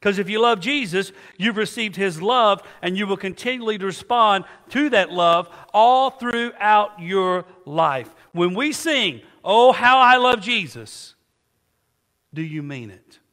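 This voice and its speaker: Guy preaching, high bright voice, keeps asking the church to finish his lines, long reverb. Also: animated, a little slow, few pauses. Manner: call-and-response preaching, asks the congregation to fill in words. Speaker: pastor. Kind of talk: sermon.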